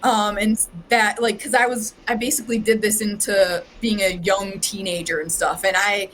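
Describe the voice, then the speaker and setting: A woman from Ohio who works as a psychic medium tells her story on a podcast, chatty and rambling, with lots of "like." Her mid-range voice is fairly bright but flat, at a moderate pace, and the recording is rough with slight hiss or hum.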